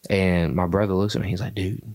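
A man's voice: sits low, fairly even intonation, quick pace, darkish tone. A man hosting a podcast, telling a hunting story in a rambling, casual way with many fillers. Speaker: podcast host. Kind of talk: casual chat.

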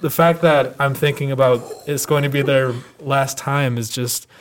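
A teenage boy talks on a school podcast as a new co-host. He rambles earnestly, repeats his words, and leans on fillers. His voice sits at a middle pitch. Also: steady tone, moderate pace, a little hiss or hum. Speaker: incoming student podcast co-host. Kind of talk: casual podcast chat.

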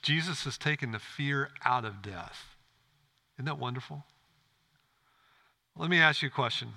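Bright-voiced man preaching a sermon. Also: medium pitch, animated, unhurried, gravelly. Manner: earnest preaching with rhetorical questions to the congregation. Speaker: pastor. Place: church.

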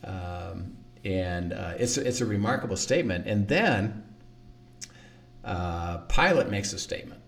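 Low-voiced man teaching scripture earnestly. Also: lively intonation, measured pace, vocal fry, a bit bright, distant mic. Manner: earnest, acts out quoted dialogue, repeats words. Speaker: Bible teacher. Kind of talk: conversational Bible teaching.

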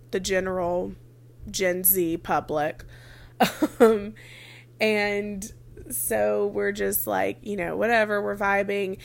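Chatty young woman with a gravelly edge. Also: medium pitch, a little hiss or hum. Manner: chatty, frequent "like" fillers, casual swearing. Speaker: vlogger. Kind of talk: casual storytelling.

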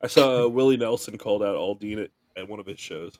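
A man's voice: lowish voice, fast talker, darkish tone, a little hiss or hum. A man co-hosting a podcast who rants with heat and swears freely, then laughs and jokes along. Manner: fired-up ranting, then joking and laughing. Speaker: podcast co-host. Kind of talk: casual profane chat.

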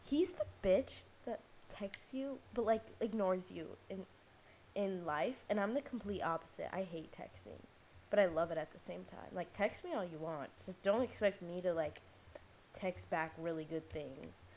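A woman's voice: lowish voice, normal speed, darkish tone, a little hiss or hum. A teenage girl hosting a podcast, telling a rambling story with lots of fillers and swearing. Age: teens. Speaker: podcast host. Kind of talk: casual storytelling monologue.

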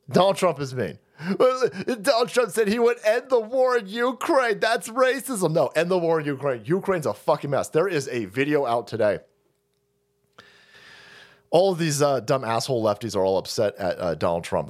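A man's voice: a little high, animated, moderate pace. A man hosting a political livestream, ranting in a heated, profane way. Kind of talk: ranting political commentary stream.

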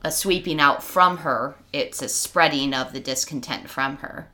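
A woman's voice: low voice, a little slow, sharp tone. A woman co-hosting a podcast in casual chat, wry and thoughtful, often trailing off. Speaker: podcast co-host.

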